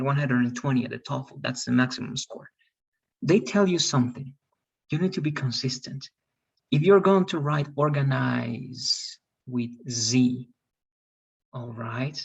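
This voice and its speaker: A man's voice: medium pitch, vocal fry, husky, lo-fi sound. A man teaching an English class online, explaining rules and often checking with "all right?".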